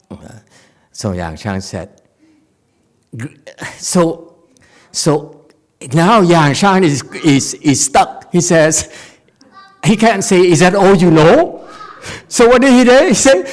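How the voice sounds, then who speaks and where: A Zen teacher and native Korean speaker giving a Buddhist dharma talk in English, playful, laughing often and quizzing the audience. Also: medium pitch.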